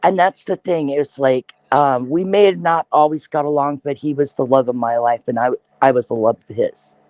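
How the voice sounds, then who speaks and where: A woman's voice: extremely low pitch, moderate pace, a little mellow, dry recording, poor audio. A woman from Iowa telling a family story in casual chat, acting out the voices of the people she quotes. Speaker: podcast host.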